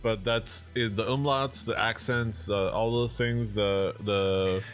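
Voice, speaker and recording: A man's voice: fairly low pitch, steady tone, takes it slowly, fairly bright tone. A man co-hosting a casual podcast, opening baseball card packs in an easygoing way, laughing often and trailing off mid-thought. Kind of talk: casual chat.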